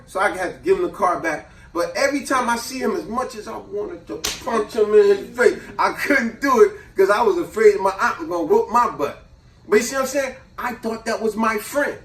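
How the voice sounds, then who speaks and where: A man hosting a casual chat, telling a childhood story in an animated, slangy way. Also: high voice, moderate pace. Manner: animated, slangy, acts out voices. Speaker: host. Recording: roomy echo, distant mic.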